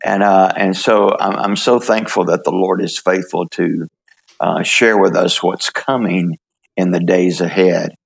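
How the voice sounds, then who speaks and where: An older man from the United States telling his story in an interview, halting, with many fillers and restarts. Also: deep voice, fairly even intonation, gravelly, husky. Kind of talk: relaxed testimony in conversation.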